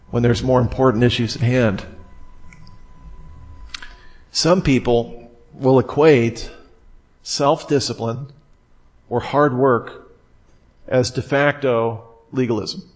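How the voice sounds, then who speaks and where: A man preaching a sermon with a middle-pitched voice. He talks in a conversational way, with fillers, and pushes his pitch up sharply when he stresses a point or acts surprised. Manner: animated, rises in pitch for emphasis and mock surprise. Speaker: pastor.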